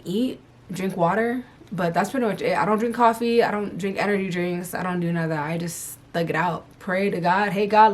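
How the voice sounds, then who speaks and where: Casting: young woman, a relaxed and frank mom vlogger speaking casually at home, unscripted. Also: lowish voice. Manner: frank, candid, loose and chatty. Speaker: mom vlogger answering viewer questions. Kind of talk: casual chat.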